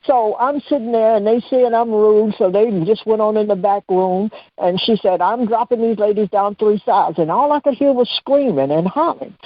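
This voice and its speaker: A woman guest, telling a personal story on a radio talk show and acting out the dialogue with lively energy. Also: mid-range voice, normal speed, hardly any pauses, no echo. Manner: animated storyteller who acts out dialogue. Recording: dull, dry radio-show audio.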